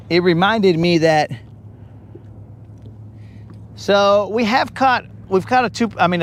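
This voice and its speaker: A man chatting casually on a live fishing stream, telling stories in an animated way, calling everyone bro and breaking into whooping yells. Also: on the high side, slight background noise. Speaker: fishing livestreamer.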